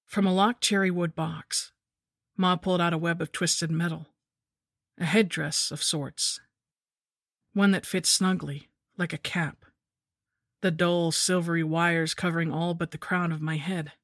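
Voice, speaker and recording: A woman narrating a scripted horror story in a measured, somber way. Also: on the low side, fairly even intonation, no room sound, clean studio sound.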